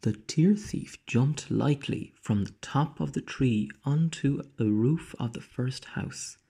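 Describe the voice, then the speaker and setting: Slow gravelly man reading a storybook. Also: medium pitch, warm tone. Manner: slow, with dramatic whispers. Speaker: teacher reading aloud. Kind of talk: storybook read-aloud.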